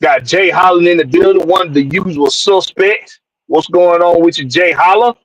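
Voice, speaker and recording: A man's voice: high voice, moderate pace, no echo, rough recording. A man from hosts a casual live-stream sports show, loose and jokey, reading out viewers and tossing in "man" all the time. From Georgia, USA. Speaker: podcast host.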